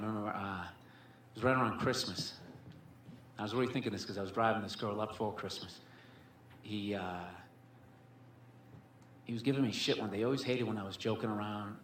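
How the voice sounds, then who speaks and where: A man's voice: fairly low pitch, a little hiss or hum. A man doing stand-up storytelling, rambling with constant filler words and swearing, on a comedy club stage. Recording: echoey room with faint ambience.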